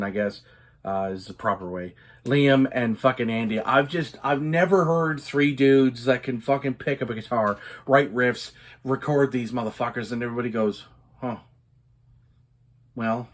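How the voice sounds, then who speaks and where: Casual male vinyl reviewer, mid-range voice, foul-mouthed, rambling, prone to mini rants. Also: medium pitch. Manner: profane and ranting, many fillers. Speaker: metal record reviewer.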